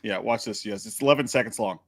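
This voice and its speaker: A man's voice: on the low side, fast talker. A man co-hosting a movie livestream, playfully reading viewer messages and trading jokes. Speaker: co-host of a movie talk livestream. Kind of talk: casual chat.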